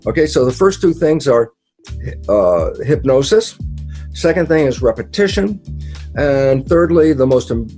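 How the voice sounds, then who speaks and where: Male interview guest with a mellow, mid-pitched voice. Lively storyteller who acts out his own quotes, over faint background music. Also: unhurried. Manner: emphatic and repetitive, with occasional laughs and mild swearing. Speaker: guest speaker, biologist. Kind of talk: conversational explanation in an interview.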